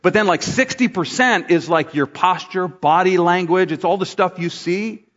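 A man's voice: high-pitched, moderate pace, a bit bright. Man preaching in a reverberant hall. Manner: conversational preaching with acted asides. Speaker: pastor. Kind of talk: sermon. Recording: dull sound in a large reverberant room.

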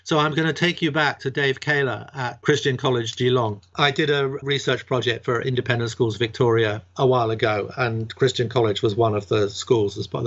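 Chatty guy explaining stuff, keeps saying right, muffled lo-fi sound. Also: mid-range voice. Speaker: education guest. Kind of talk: conversational explanation. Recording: dull lo-fi sound.

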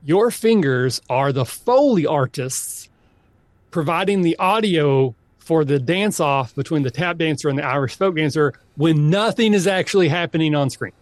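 A man hosting a podcast, chatting casually through improv games with animated, high exclamations. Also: moderate pace, dry recording. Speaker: podcast host. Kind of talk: casual improv game chat.

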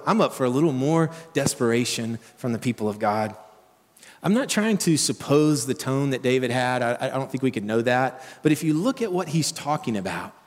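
A male pastor preaching a sermon in a conversational way, full of rhetorical questions, in a church sanctuary. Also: medium pitch. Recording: long church-hall reverb.

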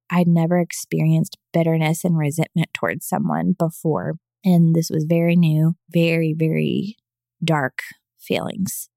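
A woman's voice: lowish voice, creaky, mellow, no echo, clean studio sound. A woman telling her personal story as a podcast guest, speaking earnestly and with emotion. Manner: acts out quoted voices. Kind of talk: personal testimony in an interview.

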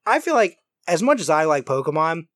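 A podcast guest chatting casually about video games in an animated, rambling way with many fillers. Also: mid-range voice, brisk, no room sound, clean studio sound.

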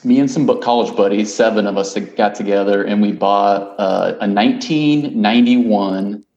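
A middle-aged man telling a story in casual chat, halting and full of fillers, with dry humor. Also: fairly low pitch, a little mellow, echoey room, muffled recording. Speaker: guest.

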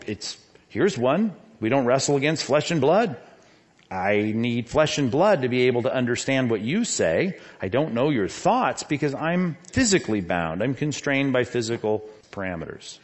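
A middle-aged man preaching a sermon as pastor, animated, with frequent rhetorical questions. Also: mid-range voice, normal speed.

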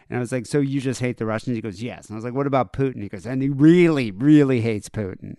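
A man's voice: medium pitch, quick pace, few pauses, no echo, clean studio sound. A man co-hosting a podcast, telling a story in casual chat and acting out both sides of a conversation. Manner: animated retelling, acts out both sides of a conversation. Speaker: podcast co-host.

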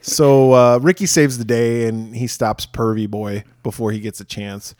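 A man's voice: medium pitch, steady tone, a little slow, darkish tone, no echo, clean studio sound. A man co-hosting a podcast, casually retelling a horror film's plot with plenty of swearing. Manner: swears freely, retells scenes with acted quotes. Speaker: podcast co-host. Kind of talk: casual film discussion.

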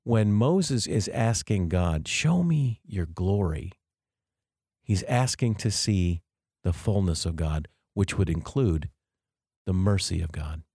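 A man's voice: low-pitched, measured pace, warm tone, dry recording, studio quality. A man hosting a devotional podcast, teaching in an earnest, reflective way and explaining things step by step. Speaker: podcast host.

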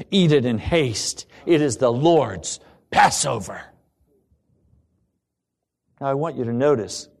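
Slow, dramatic male preacher. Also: mid-range voice. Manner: dramatic, swings between ringing emphasis and hushed near-whisper. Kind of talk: sermon.

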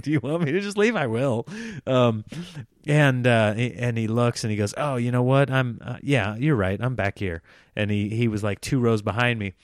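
A man's voice: medium pitch, no echo, studio quality. A man casually telling a self-mocking travel story, acting out the people in it. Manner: animated, self-mocking, acts out dialogue.

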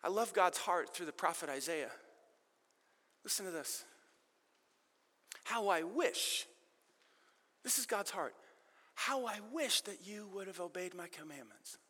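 A fired-up middle-aged male pastor with a high, bright voice preaching on a stage microphone. His sermon rings through a large hall with a long reverb tail. He swings between emphatic loud lines and soft, confiding asides, and pokes fun at himself. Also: unhurried, pauses often. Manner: animated, self-deprecating, shifts between loud emphasis and quiet intimacy. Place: church auditorium with live audience.

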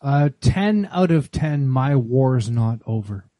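A man's voice: medium pitch, expressive, slow, mellow, no room sound. A man co-hosting a podcast, chatting casually and playfully like an eager fan. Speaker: podcast co-host. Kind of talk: casual chat.

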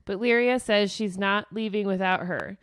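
Animated woman podcast co-host, dry mic. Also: medium pitch, normal speed, no echo. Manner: animated, swears freely, acts out character lines. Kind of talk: casual book recap chat.

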